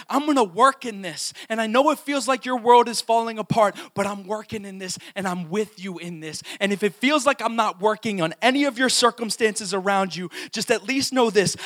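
A man in his thirties preaching a sermon, swinging from soft, tender passages to loud, urgent pleading. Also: sits high. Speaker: pastor.

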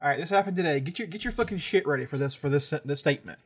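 Animated man in casual podcast chat. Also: on the high side, rapid-fire, slightly rough. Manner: animated, reads quotes aloud with exaggerated delivery.

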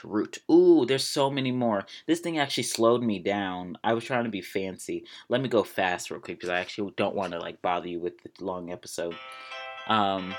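A podcast host from Maryland with a lowish voice chats casually on his solo show at normal speed, with soft background music playing. He's self-amused and keeps drifting off on tangents.

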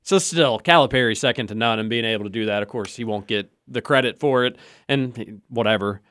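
A man in casual sports talk, opinionated and animated, jumping in with quick rebuttals. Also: medium pitch, dry recording, studio quality.

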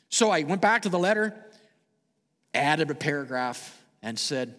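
Animated man preaching in a reverberant hall. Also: fairly high pitch, moderate pace. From Canada. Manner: animated, dramatic swings between loud and hushed. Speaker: pastor. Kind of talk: sermon with storytelling.

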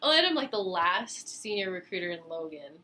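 A woman in her twenties co-hosting a podcast, chatty and quick to laugh as she tells stories in casual conversation. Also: on the low side, big pitch swings, sharp tone. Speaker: podcast co-host. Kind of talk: casual chat.

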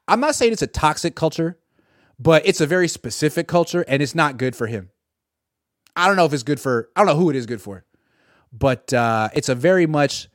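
A man giving solo sports reaction commentary, sarcastic and animated, acting out imagined quotes from the people he talks about. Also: mid-range voice, dry recording, studio quality.

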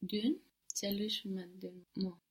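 Breathy, slow woman answering in a lesson. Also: medium pitch, steady tone. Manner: answers in short, careful phrases. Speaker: language learner.

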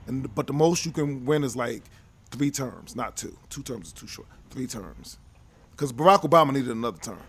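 A man's voice: mid-range voice, expressive, moderate pace, creaky, husky. A man co-hosting a podcast in casual chat, joking and rambling with frequent restarts. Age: adult, professional teacher. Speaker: podcast co-host.

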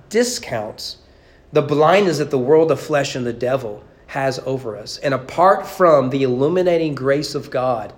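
A man preaching a sermon as pastor, emphatic, with repeated phrases and rhetorical questions. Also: mid-range voice.

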